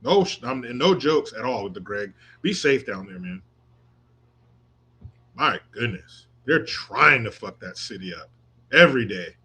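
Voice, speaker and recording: A man's voice: mid-range voice, animated, unhurried, bright, forceful tone, slightly rough. A man hosting a political commentary livestream, crude, sarcastic and mocking, reading viewer comments. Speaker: host reading live chat.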